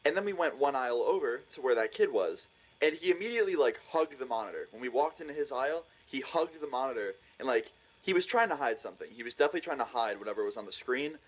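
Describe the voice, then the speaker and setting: A young man rattles through a storytime vlog at a rapid clip, his pitch sitting in an ordinary middle range. He is excitable and swears freely, and he breaks into laughter mid-sentence. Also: low-quality recording. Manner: excitable, profane, laughs while telling. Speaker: vlogger.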